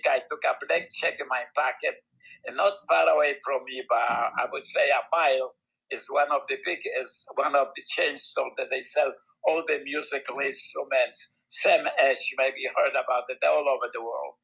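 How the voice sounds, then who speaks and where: A man in his nineties telling a story in casual talk, with broken English grammar and lively acted-out voices, heard over a video call. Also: mid-range voice, normal speed, gravelly, husky, low-quality recording. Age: 90s. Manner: animated, acts out quoted voices; non-native English grammar. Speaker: guest storyteller.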